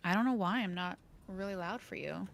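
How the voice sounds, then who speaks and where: A woman's voice: mid-range voice, fairly quick, creaky. A woman chatting casually on voice chat during a game, giving short replies and joking around. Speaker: newer player on voice chat.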